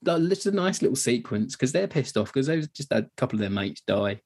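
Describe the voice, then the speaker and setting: A man's voice: mid-range voice, very animated, brisk, a little mellow, slightly rough. A man co-hosting a podcast, chatting casually about a film with rambling sentences and lots of fillers. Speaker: podcast co-host.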